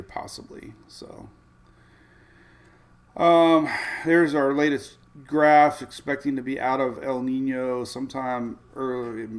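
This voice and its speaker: A middle-aged man hosting a casual weather livestream, thinking aloud with lots of fillers. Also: mid-range voice. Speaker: weather show host.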